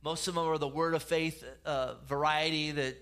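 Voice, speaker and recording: A man's voice: a little high, fairly even intonation, moderate pace, a bit bright, smooth. A man, a pastor, preaching a sermon in an earnest way, often repeating words and restarting phrases.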